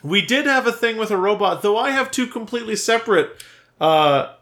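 Wry male podcast co-host, animated pitch. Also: fairly quick. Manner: wry, joking. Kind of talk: casual banter.

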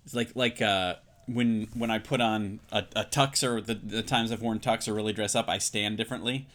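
A man co-hosting a casual podcast chat, talking in a hesitant, halting way. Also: lowish voice, steady tone, a bit bright. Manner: hesitant, halting, many restarts. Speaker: podcast co-host.

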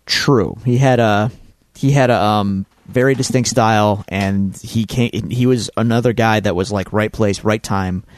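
A man's voice: on the low side, steady tone, unhurried, no room sound. A man co-hosting a casual podcast about comics and films, often interrupting to push back on points. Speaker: podcast co-host.

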